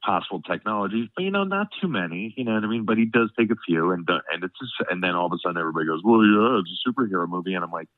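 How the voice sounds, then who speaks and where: A man's voice: low-pitched, expressive, racing, few pauses, no echo. A man hosting a casual podcast chat, rambling and padding his talk with "you know what I mean", his nose stuffed up. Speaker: podcast host. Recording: tinny phone-like line, dry.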